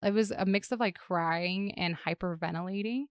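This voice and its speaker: A woman's voice: lowish voice, moderate pace, smooth, no echo, studio quality. A woman hosting a podcast, telling a personal story in a reflective, emotional way, with many "like" fillers. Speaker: podcast host and parent.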